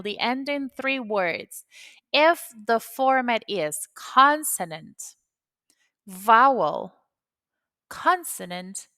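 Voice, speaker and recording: With a slightly high, bright and forceful voice recorded without echo, a Spanish-speaking woman teaches English grammar. She explains the rule patiently, one step at a time, going back over the key points.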